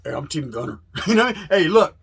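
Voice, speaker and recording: A man's voice: fairly high pitch, big pitch swings, fast talker, creaky, husky. Profane, amped man hyping a fight. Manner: profane, amped street-slang talk with Spanish words. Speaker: host. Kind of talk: hyped fight promo monologue.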